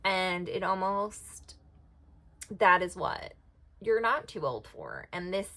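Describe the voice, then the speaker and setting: Chatty woman with a gravelly edge. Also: medium pitch, expressive, slow, a bit bright. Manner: chatty, rambling, thinks aloud with fillers. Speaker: tarot and oracle card reader. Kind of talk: casual card-reading vlog.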